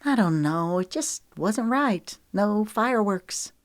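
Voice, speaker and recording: A woman's voice: mid-range voice, expressive, takes it slowly, dry recording, studio quality, voice pushed up. A woman narrator voicing a guarded young female reality show contestant with a wry, candid manner.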